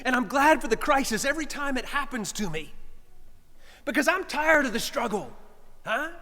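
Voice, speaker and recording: A man's voice: extremely high pitch, animated, normal speed, sharp tone. A male priest telling a story in a sermon in a conversational way, often checking in with the congregation. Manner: conversational, asks the congregation "huh?". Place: church sanctuary. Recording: long church reverb.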